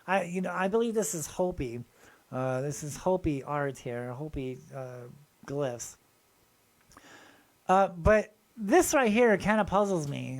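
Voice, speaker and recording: Male channel host, eager and rambling, talks straight to viewers in a casual show-and-tell. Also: high voice. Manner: excited, rambling, addresses viewers directly.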